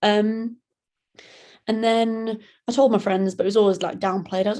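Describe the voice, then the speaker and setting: A young woman from the UK talks casually as an interview guest, laid-back and chatty. Her voice is mellow and soft-edged, sitting at an ordinary pitch. She bounces into other people's voices as she tells a story. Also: fairly even intonation, moderate pace. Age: young adult. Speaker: guest, solo ocean rower.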